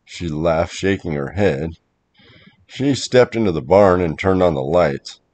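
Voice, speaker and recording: A man narrating a first-person creepypasta story in a measured voice that grows tense at the scares. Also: sits low, animated, a little mellow.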